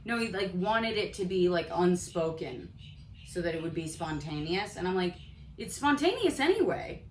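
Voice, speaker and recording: A woman's voice: on the low side, fairly even intonation, moderate pace, echoey room, a little hiss or hum, low-quality recording. A woman in her thirties co-hosting a comedy podcast, talking bluntly and straightforwardly, often laughing. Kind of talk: casual comedic chat.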